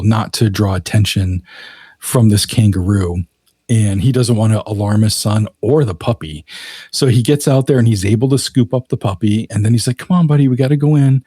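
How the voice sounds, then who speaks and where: A man's voice: on the low side, dark tone, slightly rough, no echo. A man who is a guest author, telling a story in a casual, vivid way and using fillers like "you know".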